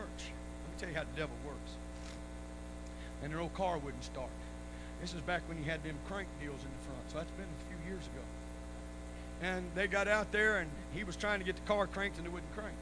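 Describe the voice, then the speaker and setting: A man preaching at a revival, telling stories and rising into shouted praise. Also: fairly high pitch. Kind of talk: sermon with stories. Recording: live church recording with noise and hum.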